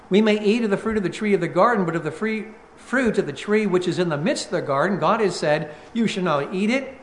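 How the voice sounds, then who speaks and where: A pastor preaching a sermon, reading scripture aloud with rising, emphatic force. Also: male voice, on the high side, reverberant, a little hiss or hum.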